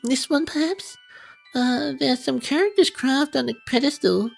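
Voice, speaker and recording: A high, squeaky little principal, put on by a woman reading game dialogue aloud, jumpy and proud. Her voice sits well above the reader's own and swings all over. Faint music plays behind her. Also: expressive, moderate pace, gravelly. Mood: bewildered. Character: flustered small young female principal, jumpy and proud.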